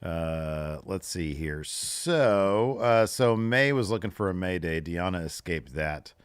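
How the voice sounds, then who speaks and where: A man's voice: sits low, lively intonation, slow pace, clean tone, dry recording, clean studio sound. A man co-hosting a podcast, recapping a show in casual chat and animatedly acting out what people said. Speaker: podcast co-host.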